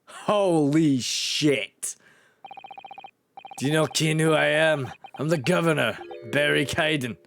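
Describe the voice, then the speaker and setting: A man putting on a gruff Glasgow prison governor. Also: on the high side, slow, fairly bright tone, faint music behind, heavily acted. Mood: self-important. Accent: put-on Glaswegian Scottish. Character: burly gruff racist male prison governor.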